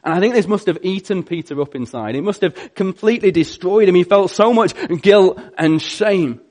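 Man preaching, somewhat high voice, earnest storytelling, shifts between loud and hushed. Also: moderate pace. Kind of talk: sermon.

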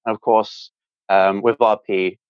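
A young man with a British accent chats as a guest, filling his talk with ums and likes. His voice sits on the low side. The recording is dull, dry and a bit lo-fi. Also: level tone, measured pace, clear, resonant tone, dry recording. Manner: rambling, with many fillers. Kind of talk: casual interview chat.

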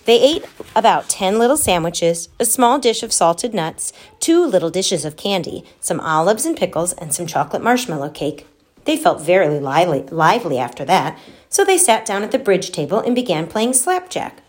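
A woman reading a children's storybook aloud, gentle and expressive, giving the children's lines their own voices. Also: on the low side, moderate pace.

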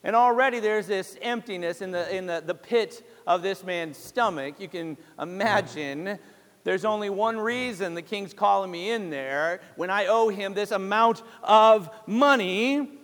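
A male pastor with a very high voice, preaching to his congregation. He retells the parable like a story and keeps asking the listeners questions. His voice rings with the long reverb of a large church hall. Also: a little slow, a bit bright. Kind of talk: sermon.

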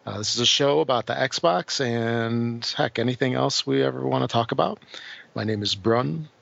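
A man's voice: mid-range voice, normal speed, creaky, fairly bright tone. A man hosting a podcast, chatting casually and playfully joking with his co-hosts. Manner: jokey, playful. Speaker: podcast host. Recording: dull lo-fi podcast audio.

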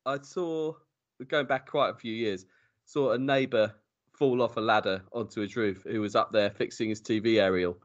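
A man's voice: on the low side, moderate pace, dull audio. Wry man hosting a podcast. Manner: wry, wraps things up. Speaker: podcast host. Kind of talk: casual chat.

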